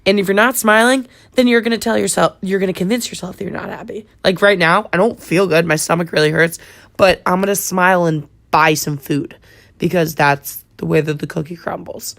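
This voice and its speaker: A woman's voice: fairly low pitch, fairly even intonation, a little fast, vocal fry, a bit bright. A young woman co-hosting in casual chat, rambling and laughing often.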